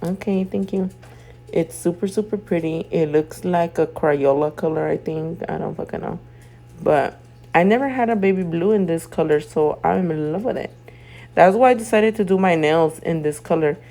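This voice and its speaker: Sleepy low-voiced woman, gravelly and profane. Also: moderate pace, dark tone, faint music behind. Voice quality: throat feels off, clears throat. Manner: chatty, profane, slangy storytelling. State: sleepy, just woken up. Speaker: nail artist and video host. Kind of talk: casual voiceover chat. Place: at home doing her makeup.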